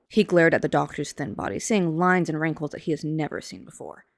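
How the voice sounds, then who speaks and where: A woman's voice: fairly low pitch, fast talker, hardly any pauses, dry recording. Sarcastic young woman roasting a book. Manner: sarcastic, deadpan jokey asides. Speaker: host. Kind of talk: comedic reaction commentary.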